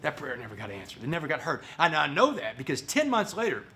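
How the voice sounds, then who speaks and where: A man's voice: a little high, big pitch swings, quick pace, bright, forceful tone. A man, a motivational speaker dramatically telling his own story to an audience and acting out other people's voices. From Port Arthur, Texas. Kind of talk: personal story told to an audience.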